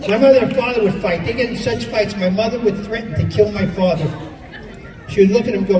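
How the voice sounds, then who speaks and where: High-voiced middle-aged stand-up comic. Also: male voice, fast, distant mic, crowd noise, noisy background. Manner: animated storytelling, playing family members. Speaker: stand-up comedian. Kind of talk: stand-up comedy. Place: stage in a large hall. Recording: echoey hall from afar, audience laughter.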